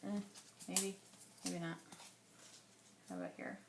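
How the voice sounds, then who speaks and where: A woman in her thirties, chatty and rambling as she thinks aloud while scrapbooking, her voice going a little hoarse. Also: on the low side, sing-song, takes it slowly, roomy sound, background noise. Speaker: scrapbooking vlogger. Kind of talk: casual crafting chat.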